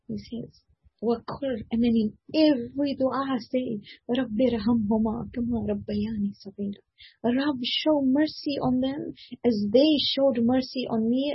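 Gravelly, husky woman teaching scripture. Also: fairly high pitch, muffled recording. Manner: explains warmly, weaving quick recited verses into slower English explanation. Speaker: religious teacher. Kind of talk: Quran commentary lecture.

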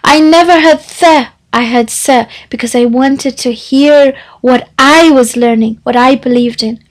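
Measured, reflective woman teacher, high voice, religious talk with storytelling. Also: poor audio.

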